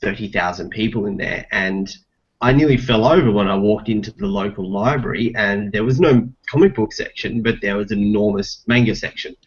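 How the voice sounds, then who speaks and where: Husky Australian man, casual podcast chat. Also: lowish voice, brisk. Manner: searching for words, relaxed and thoughtful. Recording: dull lo-fi podcast recording.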